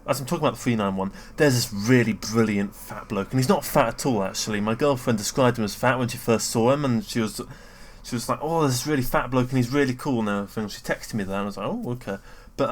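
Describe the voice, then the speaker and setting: A young British man ranting off the cuff in a middle-pitched voice. His delivery wanders and stalls on fillers, then jumps into loud, excitable bursts, with plenty of swearing along the way. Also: fast talker. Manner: rambling and sweary, with frequent fillers and self-interruptions; excitable, often jumping up in pitch and loudness. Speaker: vlogger. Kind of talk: casual rambling rant.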